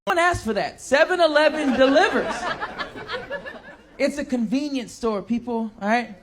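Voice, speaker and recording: A man's voice: extremely high pitch, normal speed, heavy background noise. A man doing stand-up with an incredulous, ranting delivery. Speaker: stand-up comedian. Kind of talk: stand-up routine.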